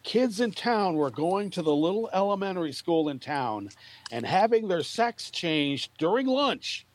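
A man's voice: high voice, very animated, unhurried. A man in a casual political chat, telling opinionated stories with emphasis.

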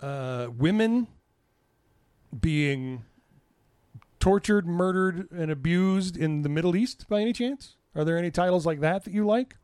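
Lively, sweary man in casual chat. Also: high-pitched, a little slow, smooth, no room sound, studio quality. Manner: animated, sweary, joking. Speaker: podcast co-host.

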